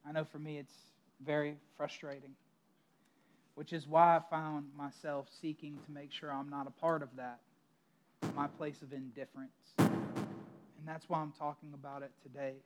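A man's voice: a little high, level tone, normal speed. A male pastor preaching a sermon in a conversational storytelling way, with emphatic asides to the congregation.

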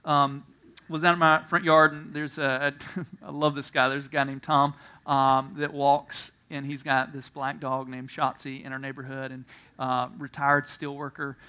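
A man preaching a sermon, telling a story with frequent laughter, swinging from quiet asides to loud emphasis. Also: medium pitch, level tone, moderate pace. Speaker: pastor.

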